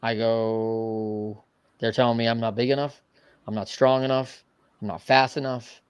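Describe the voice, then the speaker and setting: A middle-aged man telling a story as a podcast guest, animated and casual, often adding "man" and "right". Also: mid-range voice, unhurried, clear, resonant tone, no room sound. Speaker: podcast guest, coach and entrepreneur. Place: podcast studio.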